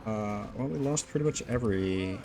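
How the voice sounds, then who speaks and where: A man's voice: lowish voice, animated, normal speed, dark tone. A man giving casual, rambling gameplay commentary as host of a gaming channel, full of fillers and the odd curse. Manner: rambling, lots of fillers, occasional swearing.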